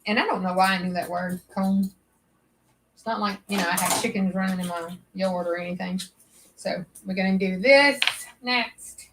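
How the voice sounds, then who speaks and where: A woman hosting a crafting livestream chats nervously and rambles, thinking aloud as she sews. Her medium-pitched voice is fairly even at normal speed, with background noise.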